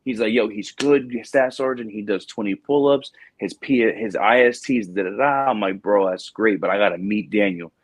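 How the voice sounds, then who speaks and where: A man hosting a casual chat, telling a recruiting story with lively acted-out quotes and plenty of "bro". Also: fairly low pitch, normal speed, hardly any pauses, no room sound. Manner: animated storyteller, acts out quotes, says "bro". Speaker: podcast host, Marine recruiting staff sergeant.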